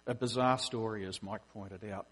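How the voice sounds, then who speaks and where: A middle-aged man gives a conversational sermon, his voice a touch husky and breathy. He tells stories with energy and slips into acting out the lines he quotes. He sounds like a lecturer at ease with a congregation. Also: on the low side, moderate pace. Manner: animated storytelling, acting out quotes. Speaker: preacher and professor.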